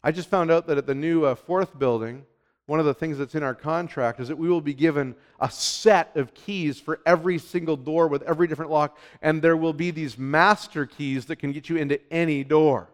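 Emphatic higher-voiced male preacher. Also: a little fast. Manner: emphatic, swings from hushed to loud. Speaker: pastor. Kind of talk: sermon.

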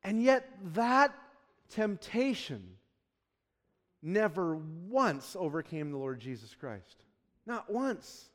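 Man, 30s, pastor, sermon, impassioned, soft to loud, acts out quotes, high voice, long church reverb. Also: sing-song, takes it slowly. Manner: impassioned, swinging between soft pleading and loud exclamation.

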